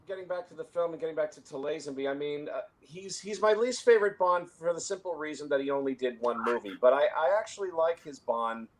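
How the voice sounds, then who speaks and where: A man in a casual film discussion, talking at length with frequent restarts and chuckles. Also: mid-range voice. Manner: rambling, many restarts, chuckles. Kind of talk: casual conversation.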